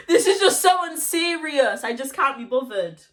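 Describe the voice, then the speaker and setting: A young woman, telling a story-time vlog in an animated, slangy way and acting out the voices of the people in it. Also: sits high, measured pace. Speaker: vlogger.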